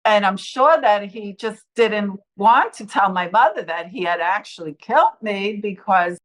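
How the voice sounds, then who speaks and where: A woman's voice: medium pitch, unhurried, low-quality recording. Earnest woman telling her story. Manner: earnest, acts out quotes with lively voices. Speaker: near-death experience storyteller. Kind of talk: personal testimony, told in her own words.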